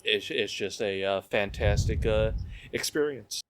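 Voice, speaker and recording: A man's voice: lowish voice, a little slow, slight background noise. A man chatting casually on a podcast, rambling with frequent restarts. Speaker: podcast co-host.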